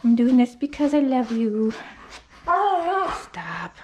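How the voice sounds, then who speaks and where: High-voiced woman coaxing a dog. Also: sing-song, takes it slowly, background noise. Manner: soothing and coaxing, talks to the dog. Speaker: dog groomer. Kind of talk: casual narration while grooming a dog. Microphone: phone.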